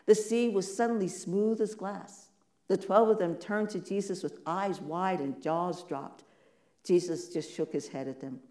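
A preacher talks through a sermon in a relaxed, conversational way, tossing out rhetorical questions and light, playful asides. The voice is warm and mellow, and it rings around an echoey room. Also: medium pitch.

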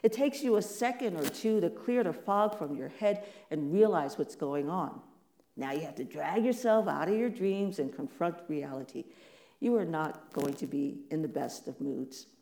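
Mellow-voiced preacher in an echoey room. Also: medium pitch, animated, moderate pace. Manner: conversational, many rhetorical questions, playful asides. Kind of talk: sermon.

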